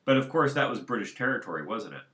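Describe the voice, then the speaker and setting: A man's voice: mid-range voice, sing-song, fast talker, background noise. A man talking alone at home in a casual, unscripted monologue, rambling and circling back to his points. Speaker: solo commentator.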